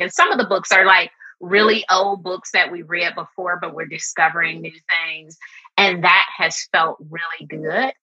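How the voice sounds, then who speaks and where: A woman in her forties with a low, husky voice and a bright, forceful edge, answering interview questions as a therapist in a reflective, calm way. The audio is dull and lo-fi, like a remote recording. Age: 40s. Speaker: therapist guest.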